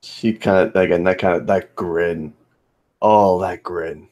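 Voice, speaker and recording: Game master, male, deep voice, halting scene narration, tabletop session. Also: fairly even intonation, darkish tone, dull audio. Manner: slow, hesitant descriptive narration with restarts.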